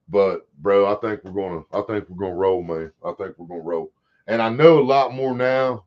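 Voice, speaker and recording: A man hosting a casual livestream, rambling and swearing as he talks to his chat. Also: on the low side. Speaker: livestream host. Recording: dull lo-fi stream audio.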